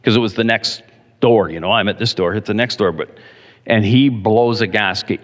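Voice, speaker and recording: A male pastor preaching a sermon to his congregation, telling stories in an animated, direct way. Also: on the low side, normal speed, muffled recording. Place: church. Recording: long reverb in a large hall.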